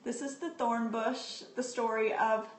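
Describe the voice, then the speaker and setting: A woman's voice: on the high side, fairly even intonation, unhurried. A middle-aged woman hosting a casual live stream about books, talking in a chatty, heartfelt way with frequent ums. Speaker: livestream host sharing books. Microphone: phone. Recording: echoey room, phone mic.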